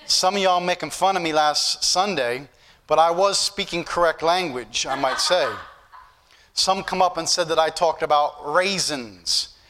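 A man's voice: fairly high pitch, measured pace, sharp tone, slight background noise. A man preaching a sermon as pastor, folksy and joking at times, then building to emphatic points. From northern United States.

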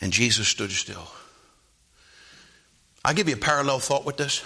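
A man preaching a sermon in a church, swinging from soft asides to shouted lines. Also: medium pitch, animated, normal speed, vocal fry, breathy edge.

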